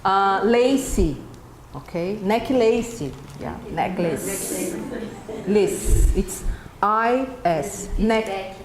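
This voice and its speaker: A Brazilian woman, a native Portuguese speaker with a Brazilian Portuguese accent, leads a live pronunciation workshop for teachers in an event room with an audience. Her medium-pitched voice is very slow, and she checks in with "okay?" after each point. The room is echoey, with faint background noise.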